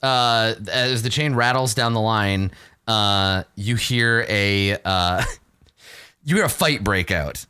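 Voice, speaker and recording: A man running a tabletop game as game master, animated and jokey with many fillers. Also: fairly low pitch, slow pace, clean tone, no echo, clean studio sound.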